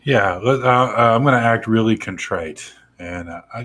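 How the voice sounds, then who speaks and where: A man's voice: on the low side, moderate pace, few pauses, a bit bright. A man playing a tabletop game, talking in a playful, folksy, mock-apologetic way. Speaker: player.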